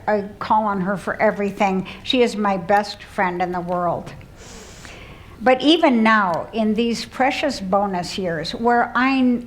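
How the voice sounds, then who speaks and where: Heard in a rough recording, this Midwestern woman in her sixties, from Midland, Michigan, gives a humorous luncheon keynote. She uses a mid-range voice to spin warm, self-mocking stories that draw laughs.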